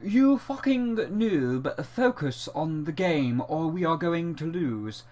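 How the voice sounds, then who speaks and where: A man's voice: on the high side, expressive, slow, darkish tone. A man putting on a posh British accent to read out rude chat messages in a mock-refined way. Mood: mock-prim. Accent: posh British, put on. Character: posh British man reading insults aloud.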